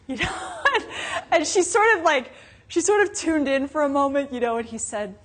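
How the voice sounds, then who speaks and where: A woman's voice: a little high, big pitch swings, brisk, fairly bright tone. A woman teaching a live meditation class. She talks casually and tells stories with light laughter. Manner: casual and conversational, many "you know"s and asides; storytelling with frequent light laughter. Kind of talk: live Buddhist dharma class talk.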